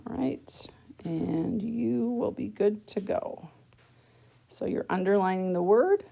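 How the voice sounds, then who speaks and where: Gravelly-voiced woman teacher explaining a worksheet. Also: mid-range voice, slow pace, warm tone. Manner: patient, checks in with frequent "okay?"; talks students through each step of the task. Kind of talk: worksheet lesson recorded for students.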